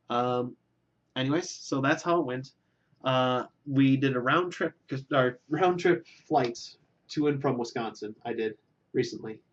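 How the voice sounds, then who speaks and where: A man's voice: mid-range voice, lo-fi sound. A man delivering a rambling, self-deprecating comic monologue, with lots of filler words and restarts. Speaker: vlogger.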